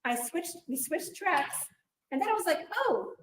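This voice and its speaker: A woman in her forties, a teacher giving a workshop talk in a dynamic, animated way, sometimes loud. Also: sits high, moderate pace. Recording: echoey room, distant mic, faint noise.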